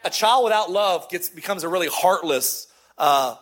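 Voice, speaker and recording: A middle-aged man, a lead pastor, preaching a sermon in a lively, conversational way with repeated phrases. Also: high voice, normal speed.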